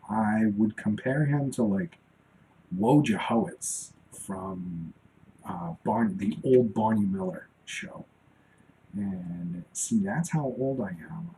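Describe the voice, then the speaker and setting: A man's voice: mid-range voice, warm tone, slight background noise, low-quality recording. A man in his forties chatting casually on a live stream while he draws, rambling and talking to himself as he works. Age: 40s. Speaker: cartoonist streaming while drawing.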